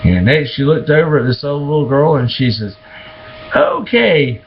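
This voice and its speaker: A man with a drawl tells dirty jokes slowly, slipping into the characters' voices. His voice is gravelly and a little high, and it swings widely in pitch. The recording is dull and lo-fi, with a faint hiss underneath. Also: sing-song. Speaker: joke teller.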